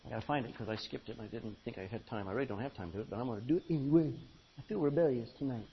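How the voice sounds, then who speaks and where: A male preacher delivering a folksy, emphatic sermon that swings from loud to quiet and calls for amens. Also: mid-range voice, rapid-fire, a little hiss or hum. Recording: dull lo-fi recording.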